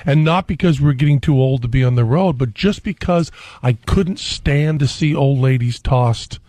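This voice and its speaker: A man in a radio studio telling stories in casual, animated talk. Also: moderate pace, no room sound. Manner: animated storyteller, jumps high when excited. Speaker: guest. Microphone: studio mic.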